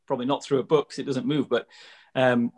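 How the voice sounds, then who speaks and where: A man's voice: mid-range voice, little pitch movement, quick pace. A man hosting a casual conversation, asking curious questions and thinking aloud as he goes. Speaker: host. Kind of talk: casual interview chat.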